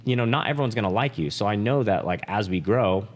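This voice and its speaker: A man with a fairly low voice talks openly and with feeling on a podcast, his speech full of "like" and the odd curse. The room rings with a long reverb behind him. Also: animated, quick pace. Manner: emotional, swearing, many "like" fillers. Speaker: podcast co-host. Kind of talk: candid podcast chat.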